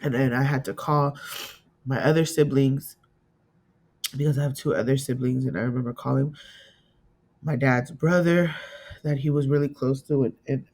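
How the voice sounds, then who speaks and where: Grieving woman recounting a loss, halting. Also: rumbling low, warm tone. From California. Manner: emotional, halting, repeats herself, acts out quoted voices. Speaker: guest telling her story. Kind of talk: personal storytelling interview.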